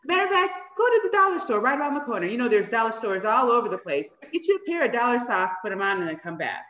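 A woman chatting casually about an episode, telling animated stories and acting out what people said. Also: a little high, quick pace, roomy sound, dull audio. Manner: animated storyteller who acts out quoted dialogue. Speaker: cast member discussing an episode. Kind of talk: casual chat.

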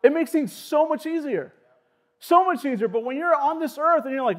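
A young male pastor preaching a sermon in a casual, animated way, with lots of "like" fillers and quick asides. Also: very high-pitched.

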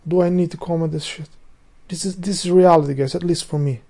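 Guy vlogging, kinda high mellow voice, rambles, swears, keeps losing what he was saying. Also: steady tone, a little fast, vocal fry. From Albania. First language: Albanian. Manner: rambling, profane, loses his thread and restarts sentences. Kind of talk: casual rambling monologue.

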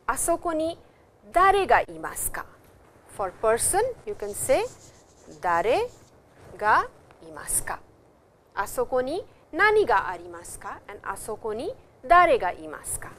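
A woman's voice: fairly high pitch, a bit bright, a little hiss or hum. A woman teaching a language lesson, who patiently repeats and stresses example phrases. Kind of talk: classroom lecture.

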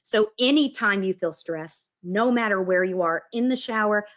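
A woman's voice: mid-range voice, normal speed, a bit bright, dull audio. A woman giving a casual presentation on mindfulness and breath work, chatty and acting out quoted inner voices. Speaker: wellness presenter.

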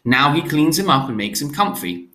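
A man voicing an earnest, curious young boy who speaks in a hushed, eager way. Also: a little high, very animated, normal speed.

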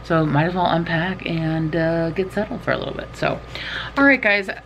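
Casting: young woman, casual home vlogger, low voice, faint room hum, rambling, self-mocking. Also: normal speed, gravelly, a bit bright. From California. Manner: rambling, chatty, self-deprecating. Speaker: writing vlogger. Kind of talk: casual vlog chat. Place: bedroom at home, in doors.

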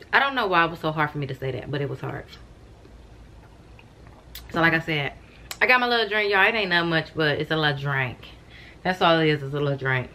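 A young woman chats casually to her viewers from home, often calling them "y'all" between thoughts. Her voice sits a little low but has a bright, forceful edge. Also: a little fast. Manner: chatty, keeps addressing viewers as y'all. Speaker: vlogger. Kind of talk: casual chat to camera. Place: at home, wrapped in a robe and blanket.

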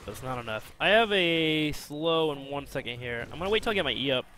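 A man giving casual, self-mocking commentary while playing a video game, chatty and jumping between excited outbursts and low mumbles. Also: a little fast, a little hiss or hum.

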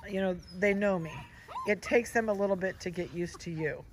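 A man who breeds dogs, giving folksy, chatty advice outdoors in a yard and pausing to comment on the puppies. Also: high-pitched, rough recording. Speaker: dog breeder. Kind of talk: casual outdoor advice talk. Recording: loud wind noise outdoors. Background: wind and puppies playing.

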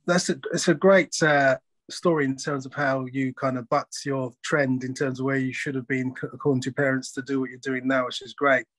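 A man in the host seat asks questions and shares a short story of his own, pausing often on fillers. His voice sits at a middle pitch. The sound is dry and close, over a video call. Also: steady tone, a bit bright, no echo. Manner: hesitant, filler-heavy questioning. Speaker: webinar host. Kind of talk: interview questions and chat.

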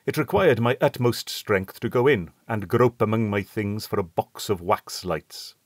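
A man reading a first-person horror story aloud, with measured, suspenseful storytelling. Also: lowish voice, no echo, clean studio sound. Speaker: audiobook narrator.

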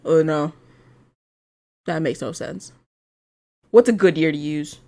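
A woman's voice: deep voice, takes it slowly, warm tone. Sassy, swearing young woman gamer. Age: 20s. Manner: playful, sassy and swears freely. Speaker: gaming video host. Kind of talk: casual let's-play commentary.

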